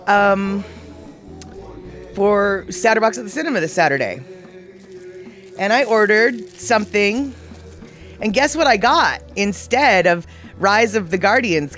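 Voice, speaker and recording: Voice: medium pitch, a bit bright. A livestream host in their forties chatting casually and reading viewer comments aloud, playfully exasperated.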